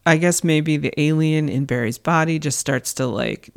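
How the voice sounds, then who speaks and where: A man's voice: on the high side, normal speed, gravelly. A man co-hosting a podcast, discussing a film casually and hesitantly, searching for his words. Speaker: podcast co-host.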